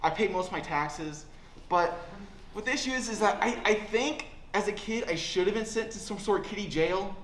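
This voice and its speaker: A young man telling a crude, deadpan comic story at a college open mic. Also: high voice, moderate pace. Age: young adult. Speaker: stand-up comedian. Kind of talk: stand-up comedy storytelling. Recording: roomy hall with faint background noise.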